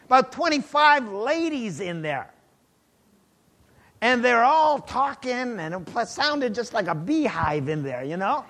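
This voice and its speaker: This middle-aged man's voice is extremely high and a little slow as he preaches. His sermon tells a personal testimony, lurching animatedly from loud exclamations to hushed asides.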